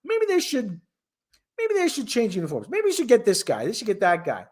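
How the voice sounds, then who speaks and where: A man's voice: high voice, huge pitch swings, a little fast, a little mellow, slightly rough. A man from the Hartford area hosting his own show, ranting in a casual, exasperated, rambling way with many restarts. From Connecticut, Hartford area. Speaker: host. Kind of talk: casual rambling sports commentary.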